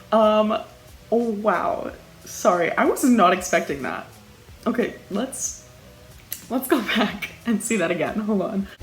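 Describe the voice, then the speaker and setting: Excitable young woman, echoey room. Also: medium pitch, gravelly. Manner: excitable, exclaiming, restarting sentences with "like". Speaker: vocal coach reacting to music. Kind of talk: casual reaction commentary. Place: home room. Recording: echoey room, music playing behind.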